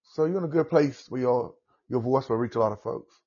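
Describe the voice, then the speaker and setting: Southern-accented male podcast host, easygoing and talkative, medium pitch, slightly dull lo-fi sound. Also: a little fast, dark tone, breathy edge. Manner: rambling, chatty, laughs at himself. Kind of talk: casual podcast conversation. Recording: dull lo-fi audio.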